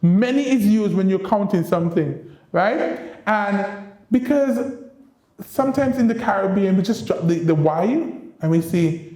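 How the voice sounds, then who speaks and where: Guy with a high mellow voice giving a lecture like a teacher, echoey room. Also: unhurried. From Saint Kitts and Nevis. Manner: lively teacherly delivery, coaxing the audience to repeat phrases. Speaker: ambassador giving a guest lecture. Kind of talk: university lecture. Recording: roomy lecture-room echo.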